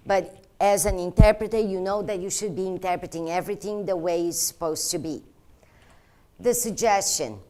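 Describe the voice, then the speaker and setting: A woman's voice: medium pitch, darkish tone. Woman explaining interpreting protocol. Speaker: interpreter trainer. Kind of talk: instructional talk.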